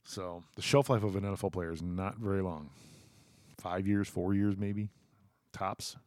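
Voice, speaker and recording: A man's voice: sits low, fairly even intonation, a little slow, a little mellow, dry recording, clean studio sound. A man co-hosting a casual sports talk show, loose and joking, often trailing off and restarting.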